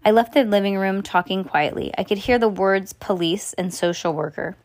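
A woman reading a children's novel aloud in the first person, pausing to explain bits to a listener. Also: mid-range voice, no echo, clean studio sound. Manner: expressive, stops to explain to a listener. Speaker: storyteller.

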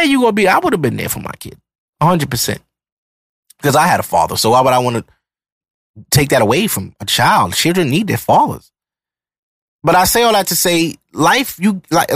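Man in his thirties, podcast host, fiery cursing rant, high voice. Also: fairly bright tone, dry recording. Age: 30s. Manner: profane, heated, emphatic ranting. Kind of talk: ranting podcast monologue.

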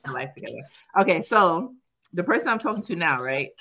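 A young adult woman co-hosting a podcast, telling a personal story in casual chat, profane and animated, quoting herself and laughing often. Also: fairly low pitch, brisk. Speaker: podcast co-host.

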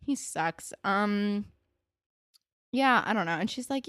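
A young woman casually discussing a TV show with a friend, animated and indignant, with plenty of "um" and "like". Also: unhurried, no echo, clean studio sound. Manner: animated, indignant, swoops up in pitch, many fillers. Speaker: podcast co-host. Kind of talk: casual chat.

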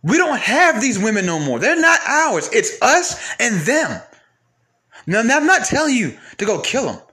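A man with a high voice rants straight to camera, piling up profanity and rhetorical questions. His tone is sharp and forceful, and he keeps hammering the same points. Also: big pitch swings, normal speed. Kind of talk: heated profane rant to camera.

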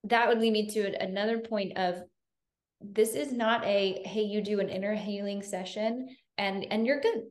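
A woman's voice: mid-range voice, steady tone, moderate pace. Earnest woman podcast host, echoey. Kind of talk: casual conversation. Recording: roomy echo.

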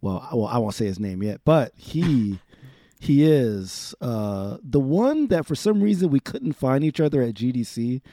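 A man's voice: medium pitch, sing-song, a little slow, warm tone, no echo. A man co-hosting a podcast, rambling goofily with lots of fillers; he is from Chicago. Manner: goofy, rambling, full of fillers. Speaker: podcast co-host. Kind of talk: casual chat.

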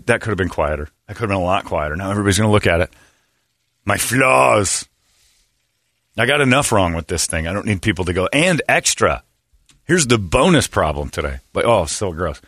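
A man's voice: deep voice, a bit bright, dry recording, studio quality. A man hosting a radio show, telling a story in a casual, self-mocking way. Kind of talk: casual morning-show chat.

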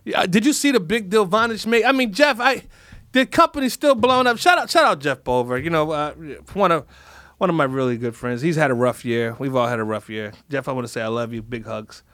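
A man's voice: sits high, lively intonation, brisk, fairly bright tone, no echo, clean studio sound. A man hosting a comedy podcast, ranting in a rambling, profane way and mock-scolding world leaders. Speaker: podcast host.

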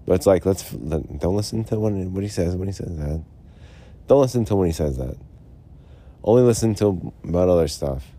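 A man's voice: low-pitched, expressive, moderate pace, mellow. A man hosting a solo podcast, rambling and frustrated, mumbling and repeating himself. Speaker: podcast host. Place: Arizona.

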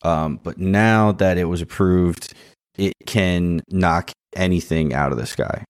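A man with a very low voice talks through a TV episode in a loose, rambling podcast chat. The sound is dry and close. He keeps things casual and drifts between points. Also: unhurried, no room sound. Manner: rambling, loose storytelling with lots of "um". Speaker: podcast co-host.

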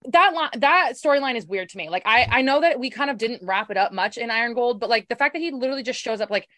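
A woman's voice: fairly high pitch, fast talker, no room sound. A woman co-hosting a casual podcast chat about a book series, swearing freely and acting out the characters' lines. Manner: profane, animated, acts out characters' lines. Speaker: podcast co-host.

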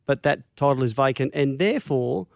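A man's voice: medium pitch, vocal fry, dry recording, studio quality. A man co-hosting a sports radio show, teasing his co-hosts in casual banter. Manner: animated, teasing, quick to laugh.

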